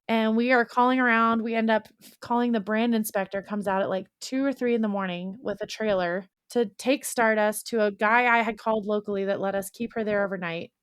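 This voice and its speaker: A young adult woman in casual podcast chat, telling a rambling, animated story full of "like.". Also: medium pitch, clean tone, no room sound, studio quality. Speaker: podcast guest or co-host.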